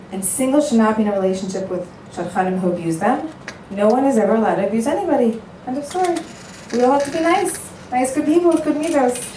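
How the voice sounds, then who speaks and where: Woman matchmaker, earnest speech, acts out dialogue, roomy echo, mic a bit distant, faint noise. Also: a little high. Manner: earnest, animated storytelling, acting out both sides of phone calls. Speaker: matchmaker giving a talk. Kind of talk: speech to an audience. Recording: echoey room, voice a bit far from the mic, faint background noise.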